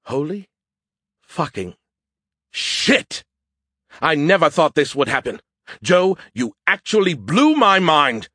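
A man's voice: medium pitch, lively intonation, brisk, a bit bright, breathy edge, dry recording, studio quality. A man voicing a smug, insulting male alien AI who mocks humans with sarcastic bragging. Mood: amazed. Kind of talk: audiobook character voice.

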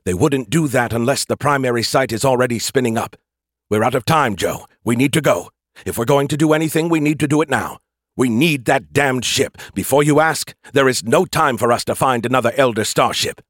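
A man's voice: mid-range voice, fairly quick, a bit bright, dry recording, studio quality, pitched above the performer's own voice, natural voice. A man voicing an arrogant, snarky male AI hologram in an audiobook, talking in urgent, clipped, formal sentences.

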